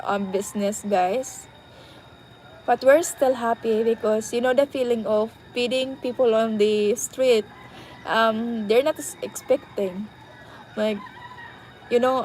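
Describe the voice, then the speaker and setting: A young woman with a Cebuano Filipino accent, telling a personal story casually and pausing often to find her words. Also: on the high side, steady tone, a little mellow, slight background noise, low-quality recording. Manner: halting, searching for words. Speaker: vlogger.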